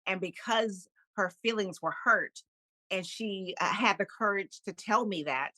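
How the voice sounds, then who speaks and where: Bright-toned woman telling her story. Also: mid-range voice, measured pace, dry recording, rough recording. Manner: animated, laughs often, candid. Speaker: podcast guest, kindness speaker. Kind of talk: casual storytelling interview.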